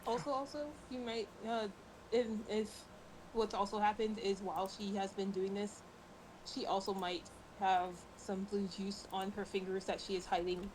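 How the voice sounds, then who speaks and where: A woman's voice: mid-range voice, fairly even intonation, normal speed, a little mellow, slight background noise, low-quality recording. A woman playing a tabletop game, narrating her character's actions and laughing easily. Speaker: player. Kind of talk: casual tabletop game chat.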